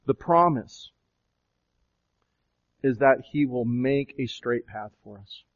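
A pastor preaching a sermon, questioning his listeners again and again, swelling with emphasis and slowing to draw out key phrases. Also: mid-range voice. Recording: dull lo-fi recording.

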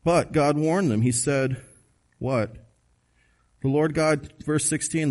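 A man's voice: on the high side, unhurried, a little mellow. Man preaching an emphatic, conversational sermon. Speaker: pastor.

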